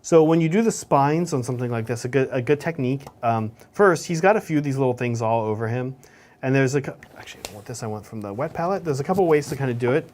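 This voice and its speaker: A man's voice: mid-range voice, expressive, fast talker, a little mellow. A man co-hosting a hobby show, chatting casually and explaining each step as he paints miniatures. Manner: chatty, explains steps as he works.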